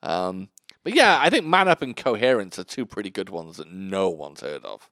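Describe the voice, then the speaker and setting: A man co-hosting a casual podcast chat about films, animated and swearing freely, laughing easily. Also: deep voice, moderate pace, dry recording, studio quality. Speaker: podcast co-host.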